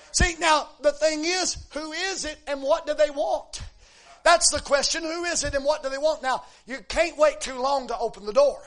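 A man preaching a sermon, moving between relaxed storytelling and shouted, drawn-out exhortation, dropping in frequent amens. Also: very high-pitched.

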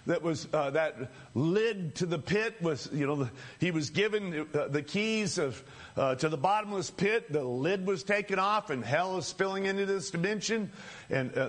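A man with a notably high voice preaches a sermon. He speaks to his listeners as friends and builds his points through repetition, with brief chuckles in between. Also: fairly bright tone.

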